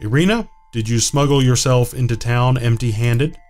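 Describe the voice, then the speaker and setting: A man's voice: medium pitch, moderate pace, darkish tone, faint music behind, close to an everyday voice. A man voicing a cold, aloof man in a visual novel who speaks curtly and formally. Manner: curt, formal, dismissive. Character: cold, aloof male mnemonicide, grudging and stern.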